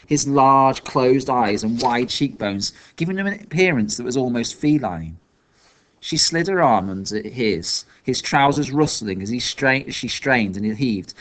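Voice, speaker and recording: A male audiobook reader narrating a novel with lively, rising and falling intonation. His voice sits at a middling pitch and tells the story expressively. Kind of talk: scripted narration.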